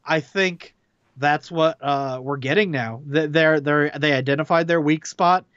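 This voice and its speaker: A man's voice: a little high, a little slow, clear, resonant tone, no room sound. A man co-hosting a podcast, chatting casually and reviewing a film with plenty of fillers. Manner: relaxed, filler-heavy opinions. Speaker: podcast co-host. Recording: dull dry lo-fi sound.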